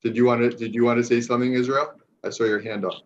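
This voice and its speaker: A man's voice: medium pitch, level tone, fast, slight background noise. A man hosting an online gathering, talking casually with many fillers and restarts. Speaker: program host. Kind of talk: casual Zoom introductions. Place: New York City. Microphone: video call. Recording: dull lo-fi video call audio.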